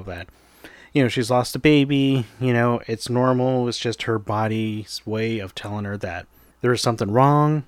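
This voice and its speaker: A man's voice: medium pitch, no room sound. A man casually retelling a movie's plot in a loose, rambling way, filled with "you know" and "like".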